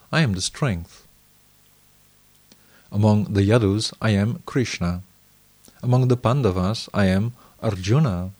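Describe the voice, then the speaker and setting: A man reading scripture aloud in the first person, measured, in short phrases. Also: lowish voice, darkish tone.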